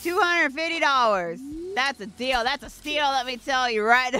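A woman's voice: high-pitched, moderate pace, noisy background. A woman streaming a game, chatting playfully and giggling as she talks to the characters on screen. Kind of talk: casual gameplay commentary. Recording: faint background music.

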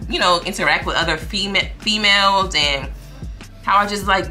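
A young woman tells a story to her followers in a loose, slangy, profane way and acts out what others said. Her voice sits fairly low but sounds bright and forceful. Faint music plays quietly under her talk. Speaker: vlogger telling a story. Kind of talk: casual storytime vlog.

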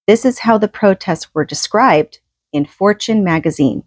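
A woman reading a nonfiction book aloud, steady and measured, with an occasional casual aside. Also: mid-range voice, dry recording. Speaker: audiobook reader.

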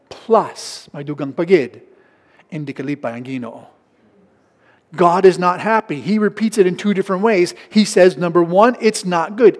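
A man's voice: high-pitched, a little mellow, in a large hall. A man preaching a sermon as a pastor, mixing English with local Filipino phrases and acting out market haggling. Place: church hall.

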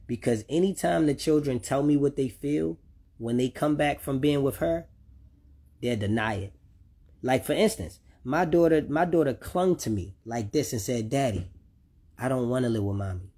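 A man's voice: medium pitch, expressive, moderate pace, dark tone, husky. A man speaking to viewers about his children, heated and repetitive, swearing often. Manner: talks directly to listeners. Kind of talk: unscripted personal vlog rant.

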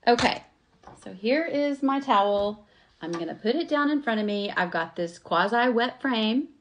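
A woman, chatting to viewers while working on a craft project at her table at home. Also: on the high side. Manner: chatty, self-deprecating, talks to viewers as y'all. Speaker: craft vlogger. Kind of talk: live craft tutorial chat.

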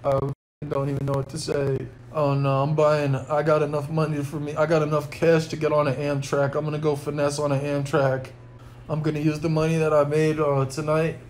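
A young man near tears rants on a live stream, cursing at every turn and ending his lines with bro or man. His voice sits a little high and stays flat, with little rise and fall. A faint noise hums behind him. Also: brisk, rough recording. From New York. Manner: profane, repeats bro and man, rambling. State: upset, close to tears. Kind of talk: unscripted live stream rant. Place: hotel room.

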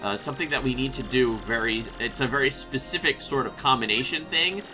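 A man hosting a casual let's play, rambling and excitable, often breaking into laughter. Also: mid-range voice, brisk, soft background music. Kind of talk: casual gameplay commentary.

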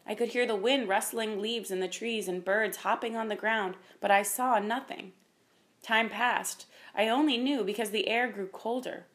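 A woman narrating a children's storybook in a gentle, expressive reading voice. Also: mid-range voice. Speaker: audiobook reader.

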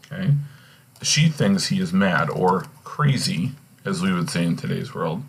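A man's voice: sits low, lively intonation, measured pace, gravelly, slight background noise. A male teacher casually reading and explaining a play in a recorded lesson, often checking in with "okay?". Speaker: English teacher.

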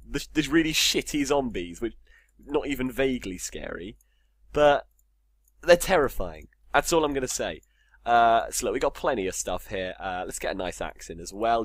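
A young man chats through his block-building game, cursing and cracking jokes to himself. His pitch bounces up and down a lot. The sound is dry and close to the mic, with no room around it. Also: fairly bright tone, no room sound. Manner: swears a lot, jokey, talks to himself. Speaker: gamer. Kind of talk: casual Minecraft let's play commentary.

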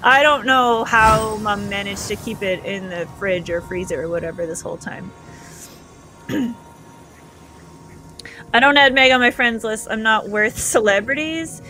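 Giggly woman streamer from Canada, bright voice, chatty, faint game music underneath. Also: medium pitch, a little slow, pauses often. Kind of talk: live gameplay chat, reading viewer comments.

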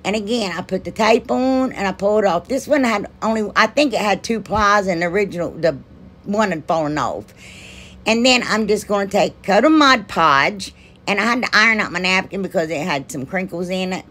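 In a casual craft tutorial, a woman hosting a craft channel talks through her project, chatty, rambling and full of enthusiasm. She speaks at a normal pace in a mid-range, fairly bright voice.

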